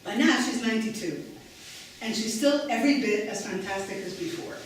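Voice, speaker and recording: A woman's voice: a little high, a little fast, slight background noise. A woman giving an inspirational talk on stage, telling a story in an emphatic way. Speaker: speaker. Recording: echoey hall from far off.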